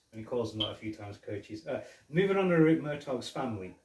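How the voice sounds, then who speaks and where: A man's voice: mid-range voice, lively intonation, quick pace, far from the mic, noisy background. Guy rambling through movie scenes, roomy echo, sitting back from the mic. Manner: chatty, retells scenes with lots of restarts. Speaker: podcast host. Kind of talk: casual film review chat.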